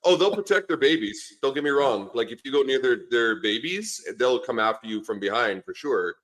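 A man's voice: mid-range voice, lively intonation, normal speed, fairly bright tone. A middle-aged man from Canada, a former lineman and coach, chatting casually as a podcast guest and rambling through stories with lots of fillers and restarts. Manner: easygoing, rambling storyteller with many fillers and restarts.

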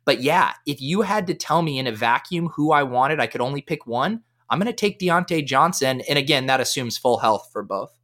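A young man talking fantasy football as a podcast guest, energetic and analytical, with frequent fillers. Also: mid-range voice, brisk, few pauses. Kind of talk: casual podcast chat.

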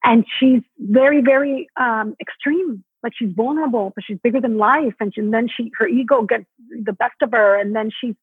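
A woman's voice: normal speed, husky, dry recording. A woman originally from Mexico, a Broadway actress, talking animatedly in an interview and acting out quotes. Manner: animated, acts out quotes with pitch jumps. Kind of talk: interview conversation. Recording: tinny phone-like line.

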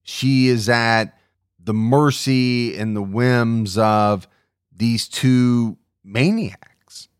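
A man co-hosting a true crime podcast, talking in a measured, somber way with small restarts. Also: mid-range voice, steady tone, smooth, dry recording, studio quality. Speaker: podcast co-host.

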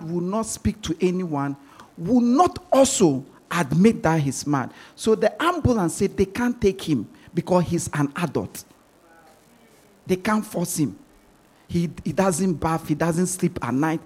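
A man's voice: fairly high pitch, a little mellow, husky. A man preaching a sermon as pastor, emphatic and repeating words as he presses his points.

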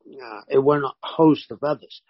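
A man, a former pro wrestler, telling animated stories in a casual interview and voicing the people in them. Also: medium pitch, moderate pace, husky, no room sound, muffled recording. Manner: animated anecdotes with voiced quotes.

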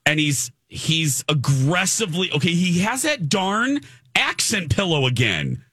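A woman's voice: on the low side, measured pace, background noise. A woman co-hosting a radio show, describing a scene live as she watches it. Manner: excited play-by-play of what she watches. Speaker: radio co-host. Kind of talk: casual radio banter, live reacting.

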